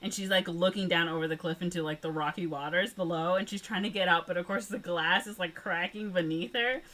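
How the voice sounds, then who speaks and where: A woman co-hosts a podcast and retells a movie plot in a loose, rambling chat full of "like" and "um". Her voice sits fairly low, but it has a bright, forceful edge. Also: fairly even intonation, fairly quick. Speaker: podcast co-host. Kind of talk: casual movie recap chat.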